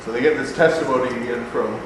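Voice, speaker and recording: Teaching Bible study to a live group, a fast-talking man keeps things casual, cracks jokes, performs voices, and checks in with "right?" nearly every point. His mid-pitched voice echoes with long reverb like a big hall, over a faint, low air-conditioning hum.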